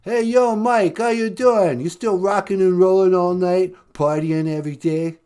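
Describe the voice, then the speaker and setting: A man putting on the voice of a brash rock-star caller with a loud, swaggering delivery. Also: sits high, steady tone, normal speed, clear, resonant tone, pitched below the performer's own voice, natural voice.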